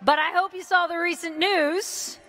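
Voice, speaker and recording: A woman in her fifties from the United States gives a commencement speech in a large indoor arena, talking in an energetic, casual and joking way, with mild swearing. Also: extremely high pitch, normal speed. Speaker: commencement speaker.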